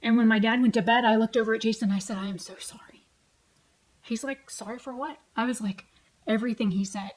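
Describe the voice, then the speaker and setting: A woman's voice: on the high side, steady tone, fast talker, low-quality recording. Fiery fortysomething woman ranting. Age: 40s. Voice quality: heavy swearing, blunt and heated. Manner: retells arguments with quoted back-and-forth. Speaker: vlogger. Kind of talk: angry personal rant. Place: home, sitting on a tall stool.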